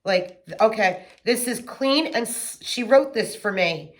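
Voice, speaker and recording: A middle-aged woman chatting casually and gushing with excitement as she unboxes gifts for her vlog. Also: mid-range voice, unhurried. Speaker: home fragrance vlogger.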